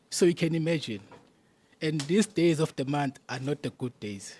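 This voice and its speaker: A man's voice: fairly high pitch, moderate pace, a little mellow, a little hiss or hum. Man from KwaZulu-Natal with a South African accent. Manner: slogan-chanting, mixes isiZulu into English. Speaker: provincial secretary. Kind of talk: conference address.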